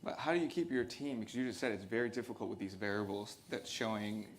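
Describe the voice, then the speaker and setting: A man's voice: lowish voice, quick pace, slight background noise. A man moderating a panel, chatty and loose in his questions. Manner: chatty, loose, full of fillers and restarts. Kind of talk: panel discussion.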